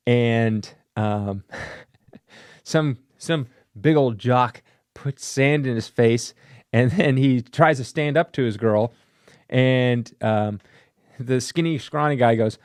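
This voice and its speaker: A man's voice: mid-range voice, clean tone, no echo, clean studio sound. A man giving casual, sarcastic commentary on vintage comic book ads, laughing at what he reads. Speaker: comic book collector and YouTuber.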